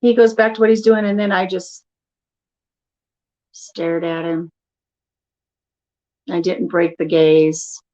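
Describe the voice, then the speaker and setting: An older woman vlogger chatting casually from her living room at home, animated as she tells stories. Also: on the low side, slow, long pauses, dull audio. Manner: animated storyteller who acts out quotes. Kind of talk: casual chat.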